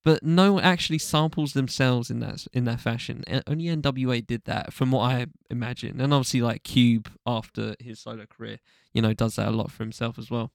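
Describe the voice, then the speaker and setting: A man's voice: medium pitch, fairly even intonation, a little fast, creaky, no room sound, clean studio sound. A man co-hosting a casual music podcast, talking loosely with lots of fillers and restarts and casual swearing. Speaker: podcast co-host. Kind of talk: casual music review chat.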